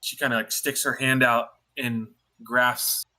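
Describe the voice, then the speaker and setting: A man's voice: mid-range voice, level tone, a little slow, sharp tone. A man narrating as dungeon master in a tabletop game, in a loose style full of fillers.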